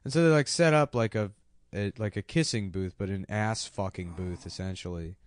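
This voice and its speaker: A man's voice: lowish voice, moderate pace. A man co-hosting a comedy podcast, rambling and profane, slipping into mocking voices for his bits. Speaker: podcast co-host. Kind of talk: crude comedic podcast banter.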